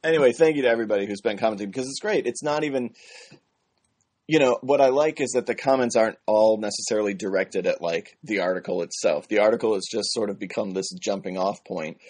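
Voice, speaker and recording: A man's voice: fairly low pitch, fast, a little mellow, husky. Chatty man co-hosting a podcast. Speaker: podcast co-host. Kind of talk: casual podcast chat.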